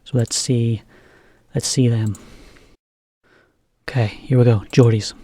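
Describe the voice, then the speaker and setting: Relaxed male teacher, mellow and chatty, dry close recording. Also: medium pitch, takes it slowly, no echo. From England. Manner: relaxed, chatty, laughs often. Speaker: English teacher. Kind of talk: casual lesson commentary.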